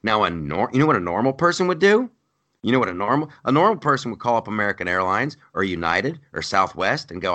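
Bright-voiced man, animated mocking chat. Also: moderate pace. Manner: animated, mocking retelling with big pitch jumps. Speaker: podcast host. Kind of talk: casual comedic chat.

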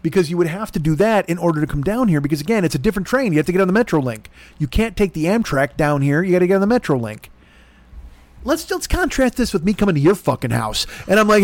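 A high-voiced man rants through a comic story, his pitch swinging wildly as he mocks his friend's voice and swears freely. The sound is dry and close, with no room around it. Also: quick pace, no echo. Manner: animated, exasperated storytelling with mocking impressions. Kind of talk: profane comedic rant.

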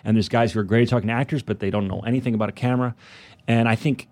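A man's voice: medium pitch, steady tone, racing, a little mellow. A man who is a guest on a podcast, chatting casually and telling stories. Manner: chatty, storytelling with quoted voices. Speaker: guest, actor and filmmaker. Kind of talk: casual chat.

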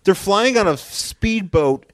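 A male podcast co-host with a fairly high voice. He rambles excitedly through casual chat and trips over his restarts. The sound is dry and close. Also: takes it slowly, dry recording.

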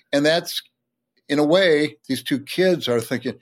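A man's voice: on the high side, unhurried. A man, a sportswriter and poet, explaining and reciting a poem with enthusiasm in a podcast conversation.

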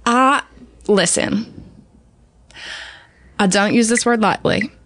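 A woman playing an earnest pharmacy assistant guest who talks in halting, rambling restarts, on a comedy podcast. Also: mid-range voice, fairly bright tone, dry recording. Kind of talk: improvised comedy character.

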